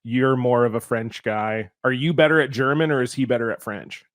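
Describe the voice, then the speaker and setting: A man's voice: medium pitch, steady tone, brisk, dry recording, clean studio sound. A man from Canada co-hosting a podcast, asking the guest questions in a curious, easygoing way. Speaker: podcast co-host. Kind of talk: casual podcast interview.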